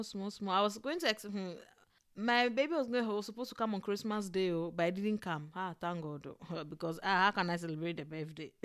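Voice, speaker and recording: A young adult woman telling a personal story in a casual, expressive way, with frequent exclamations. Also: medium pitch. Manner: animated and expressive, with exclamations and laughter.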